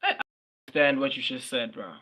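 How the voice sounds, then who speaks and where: A man's voice: medium pitch, fairly quick, bright, forceful tone. A young South African man, a Swati speaker, chatting casually on a livestream, blunt and slangy, often repeating his words and answering viewers' comments. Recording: dull lo-fi stream audio.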